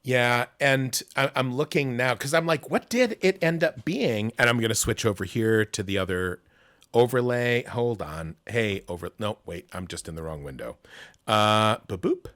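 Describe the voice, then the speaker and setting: A middle-aged man hosting a casual livestream interview, rambling with many fillers and restarts and telling stories with animated voices. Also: mid-range voice, normal speed. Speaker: host.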